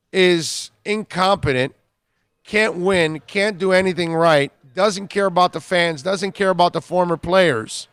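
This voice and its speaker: A man's voice: sits high, fairly bright tone, dry recording. A man hosting a sports talk radio show, bluntly scolding listeners with repeated rhetorical questions.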